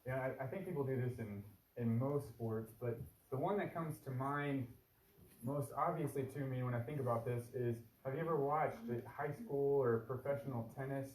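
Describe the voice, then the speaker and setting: A man preaching a sermon in a relaxed, conversational way, often restarting his words. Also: medium pitch, normal speed. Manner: conversational, folksy, repeats words at starts. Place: church sanctuary. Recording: echoey church sanctuary from far off.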